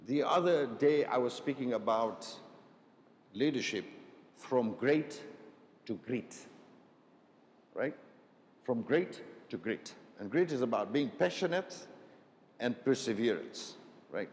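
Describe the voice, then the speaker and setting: Man, speaking trainer, interactive workshop delivery, echoey hall, faint rumble. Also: a little mellow. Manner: interactive, asks the audience questions, says "right?" often. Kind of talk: live workshop teaching.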